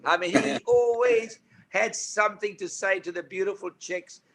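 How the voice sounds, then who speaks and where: A man in his eighties with a South African accent, telling stories as a guest, lively and emphatic. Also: high-pitched, moderate pace, slight background noise. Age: 80s. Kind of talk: animated storytelling.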